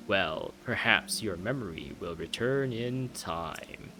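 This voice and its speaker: A man's voice: low voice, expressive, sharp tone, slight background noise, full character voice, low-quality recording. A man doing a stately old fish king. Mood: solemn. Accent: put-on British. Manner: slow, stately and formal. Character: giant old Zora king, solemn and fatherly. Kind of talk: reading game dialogue aloud.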